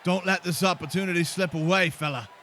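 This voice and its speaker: A man putting on a mock Irish accent to voice a brash male wrestler pitching a partnership, leaning on the word "fella.". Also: a little fast, sharp tone, slight background noise. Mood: persuading. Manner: persuasive, repeating "fella".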